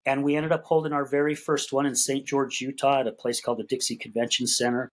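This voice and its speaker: Over poor audio, a middle-aged man speaks quickly in a level, mid-range voice. He's a podcast guest sharing his story in a casual, folksy manner, acting out bits of dialogue and repeating words as he works out what to say.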